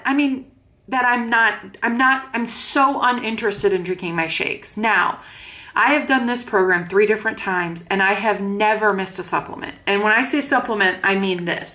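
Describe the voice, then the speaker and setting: A woman's voice: medium pitch, fairly bright tone. A tired young woman vlogging casually to her camera, frankly venting her frustrations and repeating herself. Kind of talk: casual vlog.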